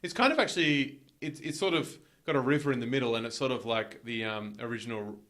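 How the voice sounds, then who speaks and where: Aussie guy rambling on a gaming podcast, lots of ums and likes, middle pitch. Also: quick pace, fairly bright tone. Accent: Australian. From Australia. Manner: rambling, hesitant, with many fillers. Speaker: podcast co-host. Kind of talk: casual chat among friends.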